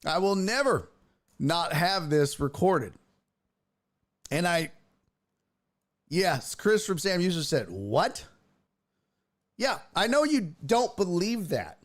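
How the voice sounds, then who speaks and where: A man hosting a casual sports stream, his pitch leaping around as he talks. He rambles at an unhurried pace and keeps breaking off mid-sentence. His voice sits a little higher than most men's. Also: very animated. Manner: rambling, self-interrupting, exclaiming. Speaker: sports show host. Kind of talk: casual live-stream chat.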